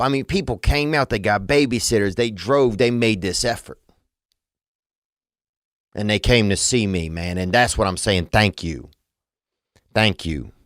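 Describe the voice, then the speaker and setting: A man's voice: medium pitch, fairly bright tone, no echo. A man talks in a loose, meandering comedic monologue, drifting into silly wordplay and half-finished asides. His voice sits mid-range and the sound is dry and close, with no room around it. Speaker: podcast host.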